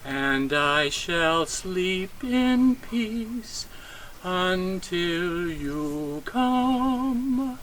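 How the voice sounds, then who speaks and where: A man sings a slow, tender ballad at an outdoor graveside. His voice sits high and rings bright, and he draws every phrase out at a very unhurried pace. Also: animated, a little hiss or hum. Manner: tender, drawn-out singing. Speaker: funeral singer.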